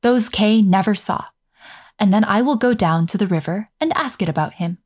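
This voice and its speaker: A woman's voice: medium pitch, moderate pace, darkish tone, natural voice. A woman voicing an earnest little storybook girl.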